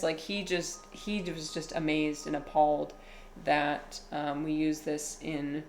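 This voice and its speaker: A woman with a fairly low voice chats loosely on a live stream, rambling through fillers and side remarks. Her delivery is mostly flat and low-key, in the easy way she talks while she teaches. A faint hiss sits under the recording. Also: slow. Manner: chatty and rambling, many fillers, laughs while talking. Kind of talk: casual live-stream chat.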